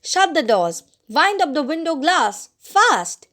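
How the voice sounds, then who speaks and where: A woman's voice: high voice, sing-song, slow pace, fairly bright tone, pitched above the performer's own voice, full character voice. A woman voicing an older teenage brother who barks harsh, urgent commands. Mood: urgent shouting. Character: older brother, teen boy, urgent and bossy.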